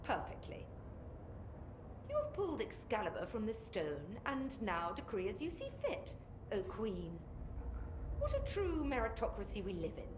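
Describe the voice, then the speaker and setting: A man's voice: high-pitched, huge pitch swings, unhurried, full character voice. An actor playing a dry, sarcastic male scientist in a game, with a British accent. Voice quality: dry, sardonic. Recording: game audio with roomy echo and noise.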